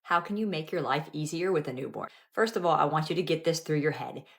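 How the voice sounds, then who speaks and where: Young mother, deep-toned, no-nonsense instructive delivery for a casual tips video. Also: lively intonation, fast talker, creaky. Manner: direct, practical, instructive. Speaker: mom sharing cooking and parenting tips.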